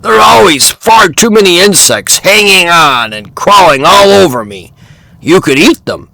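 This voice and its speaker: Storybook buffalo: man voices a big, stubborn, gravelly beast, sharp bright tone. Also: sits high, expressive, a little slow, no echo, voice pushed up, exaggerated voice. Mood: apologetic.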